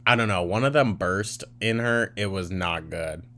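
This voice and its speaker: A man's voice: low voice, normal speed, pushed and bright. A man hosting a reaction commentary, sarcastic, blunt and profane as he picks apart a clip. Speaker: commentary host.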